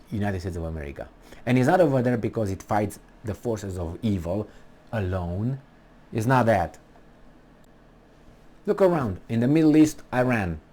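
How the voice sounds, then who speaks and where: A man's voice: fairly low pitch, a little mellow. A man giving an emphatic political monologue, full of rhetorical questions and restarts. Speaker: political commentator.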